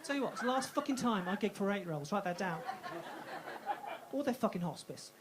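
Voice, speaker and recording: A live club recording catches a woman doing stand-up on stage, her posh-sounding, mid-range voice animated and a little fast. Self-mocking and swearing freely, she stumbles over and repeats words as laughter rises from the crowd.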